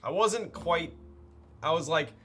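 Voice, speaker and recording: Man, live streamer, casual rambling chat, bright tone, faint background music. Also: on the high side, lively intonation, slow. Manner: rambling and playful, many fillers. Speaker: streamer building a keyboard.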